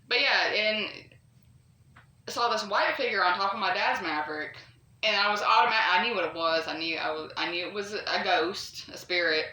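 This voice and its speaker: A woman's voice: medium pitch, pushed and bright. A woman casually telling a true ghost story, chatty and rambling with lots of asides and fillers. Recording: echoey room, voice a bit far from the mic.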